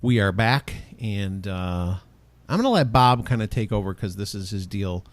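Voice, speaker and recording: A man's voice: lowish voice, lively intonation, normal speed, no echo, soft background music. A man hosting a podcast in casual chat, playful and wisecracking. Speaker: podcast host.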